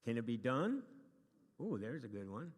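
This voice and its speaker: A man's voice: mid-range voice, sing-song, normal speed, slightly rough. A man teaching a church class to a live group, chatty and joking, with many restarts. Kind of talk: casual lesson to a live group. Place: church meeting room. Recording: long reverb of a hall.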